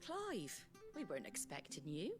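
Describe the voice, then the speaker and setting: A woman's voice: sits low, wildly swooping pitch, normal speed, faint music behind. An actress voicing a shrewd, folksy female moneylender who talks in a wry, chatty way in a video game. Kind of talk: game voice acting.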